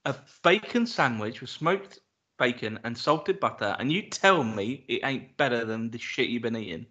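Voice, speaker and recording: A man's voice: mid-range voice, expressive, normal speed, bright, forceful tone, breathy edge, lo-fi sound. A man co-hosting a podcast, teasing and challenging his partner with dry humour. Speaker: podcast co-host. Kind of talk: casual chat.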